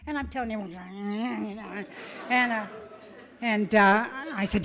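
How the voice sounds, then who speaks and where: A woman's voice: mid-range voice, normal speed, fairly bright tone. A woman speaking at a recovery meeting, telling a personal story with many fillers and acting out the voices she quotes.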